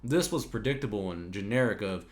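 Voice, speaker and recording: A man's voice: lowish voice, expressive, a little fast. Opinionated man hosting a casual podcast. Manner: opinionated, swears when ranting. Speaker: podcast host answering viewer questions.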